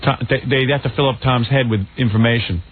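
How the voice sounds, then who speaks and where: A man hosting a radio show, chatting in a teasing, opinionated and animated way. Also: medium pitch, fast talker. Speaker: radio host. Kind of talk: casual radio banter. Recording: tinny radio broadcast with crowd.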